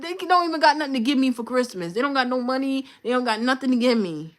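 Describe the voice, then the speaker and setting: Boastful woman streamer, slightly high voice. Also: animated, fast talker, hardly any pauses. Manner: boastful, confident, repeats points for emphasis; slangy, blunt, talks straight to viewers. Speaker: livestream host. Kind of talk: casual livestream chat.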